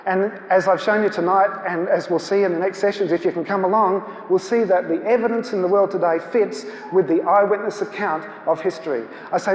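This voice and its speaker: High-voiced man telling a story. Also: brisk. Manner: storytelling, acts out dialogue. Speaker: guest speaker. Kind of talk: anecdotal talk at a church seminar. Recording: echoey hall.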